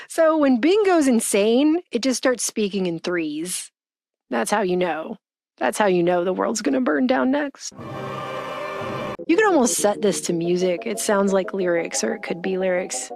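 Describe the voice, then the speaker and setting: A woman's voice: medium pitch, lively intonation, a little slow, vocal fry, darkish tone, dry recording, clean studio sound. A woman hosting a video, giving comedic commentary in an amused, sarcastic way and laughing often. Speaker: video host.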